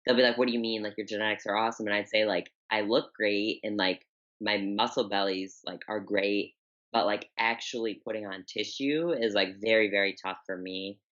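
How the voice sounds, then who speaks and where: A woman in her twenties with a Chicago accent chats casually as a podcast guest, repeating herself and using "like" constantly. Her bass voice is a bit bright, with fairly even intonation and a slightly fast pace. The sound is lo-fi.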